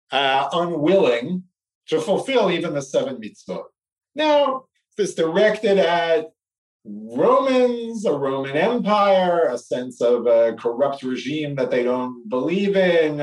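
A man teaching a text study lecture, animated and acting out the story, checking in with his listeners. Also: a little high, recorded from a distance. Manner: animated, acts out the story, asks "right?" often. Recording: roomy echo, speaker away from mic.

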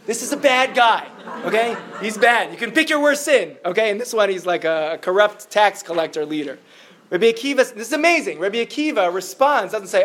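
A man with a fairly high-pitched voice teaching a class. He explains in a chatty, animated way, often pausing on fillers and restarting his sentences. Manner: lively, chatty, with many fillers. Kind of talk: lecture with questions from the class.

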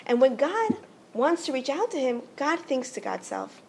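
A woman's voice: high-pitched, sing-song, normal speed, a little hiss or hum. A woman teaching a religious text, earnest and explanatory, often checking in with "right?".

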